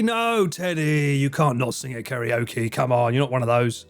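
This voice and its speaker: Essex bloke chatting to his stream, mid-pitched voice, easygoing, bit of music faint in the back. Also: moderate pace. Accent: Essex English. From Essex, England. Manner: chatty and self-deprecating, thanks viewers by name. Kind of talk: casual live-stream chat reading viewer comments. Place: home in Japan.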